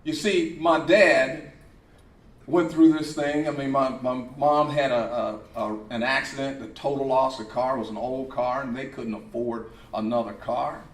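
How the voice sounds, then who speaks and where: A man's voice: mid-range voice, fairly even intonation, a little slow. A middle-aged man, a coach, giving an emphatic motivational speech at an event, repeating his key phrases with a rising, preaching cadence. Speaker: coach and speaker. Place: event hall. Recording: echoey hall, speaker far from mic, faint ambience.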